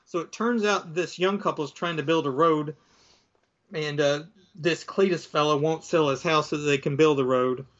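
A man's voice: a little high, normal speed, dull audio. A man in casual chat, retelling comic book stories and briefly acting out the characters' lines. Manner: animated storyteller acting out voices.

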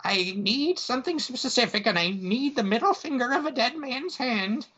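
A man putting on a high, doting old witch. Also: lively intonation, moderate pace, husky, heavily acted. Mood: demurring. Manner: doting, soft-spoken, calls people dearie. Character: sweet-voiced old witch woman with a cat. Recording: dull lo-fi sound.

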